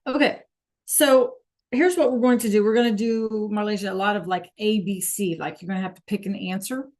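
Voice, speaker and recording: A woman's voice: mid-range voice, fairly even intonation, brisk, darkish tone. Chatty woman teacher in online class. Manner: chatty, with fillers and throat-clearing. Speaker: Spanish teacher. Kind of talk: casual online class talk.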